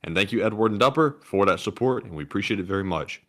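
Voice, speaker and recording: A man's voice: lowish voice, expressive, fast, fairly bright tone. A man with a Southern US accent co-hosting a casual livestream, reading viewer messages in an easygoing, wry way. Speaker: co-host reading super chats.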